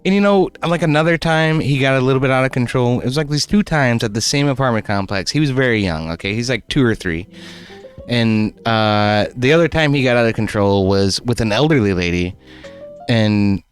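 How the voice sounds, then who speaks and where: A man's voice: mid-range voice, fairly quick, clean tone, soft background music. A man streaming live, casually telling a story, swearing a lot and laughing often. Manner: profane, laughing, animated.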